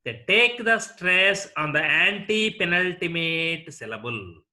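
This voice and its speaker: Male English lecturer with an Indian English accent. Slow, drilling delivery. Bright, keen tone. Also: on the high side, expressive. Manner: slow, deliberate, repeats example words for drill. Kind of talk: classroom lecture on word stress.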